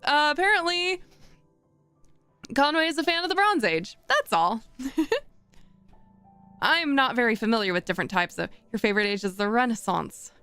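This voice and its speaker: A woman's voice: high voice, big pitch swings, moderate pace, pauses often, pushed and bright, clear, resonant tone, no room sound, faint music behind. A woman streaming as a VTuber, chatting casually and rambling as she thinks aloud while working, often laughing. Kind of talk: casual live-stream chat.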